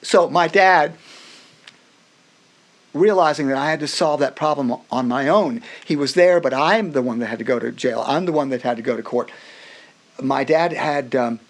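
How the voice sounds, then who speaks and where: A middle-aged man, a music professor guest on a podcast, telling personal stories in an animated way, acting out other people's voices and often restarting his sentences. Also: medium pitch, normal speed. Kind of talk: personal storytelling in a conversation.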